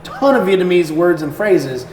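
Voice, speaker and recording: Raspy American man in an echoey room. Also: high voice, expressive, moderate pace, a little mellow. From United States. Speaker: guest content creator. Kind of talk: casual podcast chat. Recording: echoey room with faint noise.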